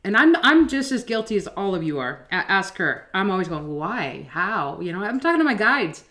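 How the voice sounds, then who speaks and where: A woman co-hosting a casual spiritual chat at home, animated and quick to laugh, who works as a channeler. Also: mid-range voice. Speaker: channeler and co-host. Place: home table.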